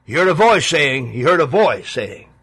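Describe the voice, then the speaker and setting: A man preaching a sermon on the radio, pleading and emphatic, with dramatic pauses and big swings in his voice. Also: fairly high pitch, very animated, a bit bright, slightly rough.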